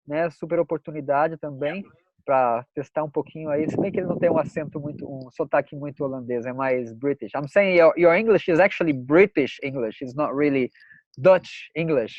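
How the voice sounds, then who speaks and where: A man with a Brazilian accent hosting a video call interview, translating his guest between English and Portuguese in a lively, laughing way. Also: fairly high pitch, quick pace, dry recording, highs cut off. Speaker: host and interpreter.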